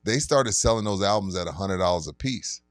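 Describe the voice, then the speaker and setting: A man's voice: low voice, animated, brisk, no room sound, studio quality. A man co-hosting a sports podcast, ranting hotly and mocking the people he quotes. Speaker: podcast co-host. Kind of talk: casual sports chat.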